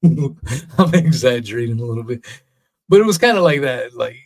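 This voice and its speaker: A man's voice: medium pitch, animated, normal speed. A man hosting his own podcast, talking alone in a blunt, profane, rambling way. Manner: blunt, profane, rambling, mocks others in put-on voices. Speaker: podcast host. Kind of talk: casual solo monologue.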